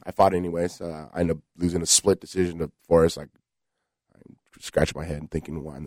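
A man's voice: deep voice, steady tone, normal speed, darkish tone, no echo. A man guesting on a radio show in a studio, talking in a brash, boastful way with lots of fillers. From United States. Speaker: fighter guest. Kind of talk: radio interview.

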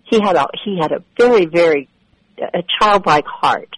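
Woman, radio guest, husky voice, fairly high, dry sound. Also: lively intonation, moderate pace, no echo, poor audio. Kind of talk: casual interview.

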